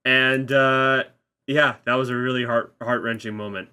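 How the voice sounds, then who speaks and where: Guest guy in a movie chat, bright sharp voice, rambles and swears a lot. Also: medium pitch, fairly even intonation, normal speed, clean tone. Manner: rambling, restarts sentences, casual swearing. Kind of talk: casual spoiler chat.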